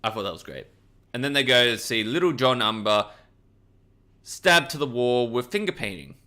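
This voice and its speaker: A man gives a casual, rambling video review of a TV episode at a moderate pace in a mid-range voice. He's excitable, swears freely, and often corrects himself.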